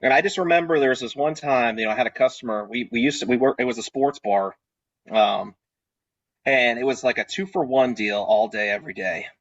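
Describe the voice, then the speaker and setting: A man's voice: medium pitch, a little fast, a bit bright, lo-fi sound. A man who owns a party rental business, chatting casually on a video call and telling stories with lots of fillers and restarts.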